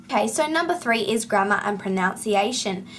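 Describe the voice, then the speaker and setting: A woman's voice: medium pitch, expressive, moderate pace, a bit bright, slight background noise. An Australian woman chatting casually to camera as a vlogger, with lots of ums and sentences that rise at the end. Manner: chatty with frequent ums and rising ends of sentences.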